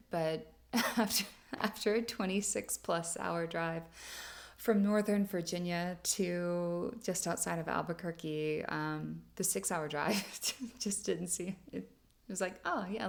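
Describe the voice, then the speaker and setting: Woman podcast host, lowish gravelly voice, rambly storytelling w lots of "like". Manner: chatty, full of "like" fillers, laughs often. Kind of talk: casual storytelling monologue.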